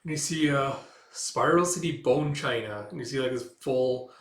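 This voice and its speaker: A man's voice: medium pitch, moderate pace, echoey room. A man reading through a comic book aloud in a casual, loose way, paraphrasing the dialogue with fillers.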